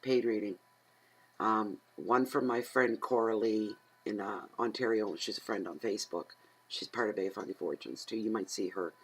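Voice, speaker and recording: Chatting through a tarot reading at home, a middle-aged Atlantic Canadian woman rambles, talks aloud to herself, and gets excited easily. She speaks at a moderate pace in a rumbling low voice with a breathy edge, on a rough recording.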